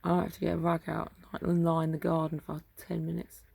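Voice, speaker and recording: Tired woman in her 50s, very gravelly low voice, muttering to herself in the garden on her phone. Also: completely flat delivery, fast, mellow, dry recording. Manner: musing aloud to herself, drifting between topics, sometimes whispering. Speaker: vlogger. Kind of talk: rambling solo chat. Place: home garden outdoors.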